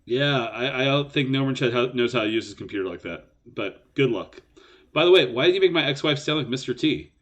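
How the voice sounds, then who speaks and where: A man's voice: medium pitch, lively intonation, fairly quick, fairly bright tone. A man co-hosting a poker live stream in casual banter, joking and self-mocking and laughing often.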